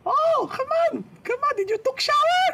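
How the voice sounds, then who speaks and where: A man voicing a pushy, loud Filipino woman nurse who speaks in broken English and shouts orders. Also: extremely high pitch, very animated, normal speed, vocal fry, far from the mic, pitched above the performer's own voice, full character voice. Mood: bossy.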